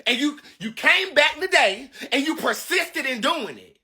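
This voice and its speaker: Tarot lady w/ cussing out a client on a live, super animated, bright edgy voice. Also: high-pitched, unhurried. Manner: blunt, cussing, emphatic. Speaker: tarot reader. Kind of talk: livestream rant.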